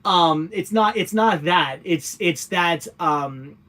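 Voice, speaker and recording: A man's voice: sits high, takes it slowly, a bit bright. A young adult man hosting a casual livestream, reading out viewer comments and answering in a rambling way with lots of fillers and restarts. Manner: rambling, many fillers and restarts, laughs easily.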